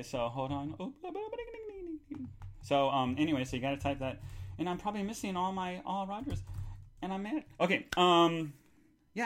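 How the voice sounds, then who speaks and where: A middle-aged man hosting a live podcast, rambling excitably and squealing at the high points. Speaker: podcast host.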